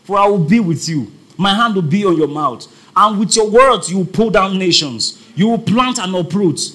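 God as a calm, commanding presence, voiced by a preacher, speaking in measured, authoritative declarations. The voice sits a little lower than the preacher's usual and stays bright and animated. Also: male voice. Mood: reassuring.

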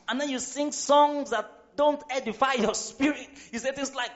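A man from Nigeria preaching a sermon in a church, emphatic, sometimes shouting, often repeating his phrases. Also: extremely high pitch, steady tone, fairly quick, hardly any pauses. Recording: slightly dull recording with faint music behind.

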